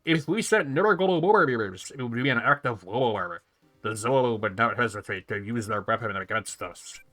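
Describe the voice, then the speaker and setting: A man voicing a haughty female alien hive ruler from a video game, reading her lines slowly and solemnly. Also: medium pitch, lively intonation, sharp tone, faint music behind, pitched below the performer's own voice. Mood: imperious. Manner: slow, solemn, commanding delivery. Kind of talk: reading game dialogue aloud in a voice.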